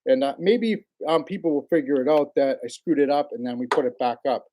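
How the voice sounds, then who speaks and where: A man's voice: medium pitch, brisk, mellow, slight background noise. A man hosting a casual livestream, rambling in a laid-back way, greeting viewers by name and laughing often. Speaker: livestream host.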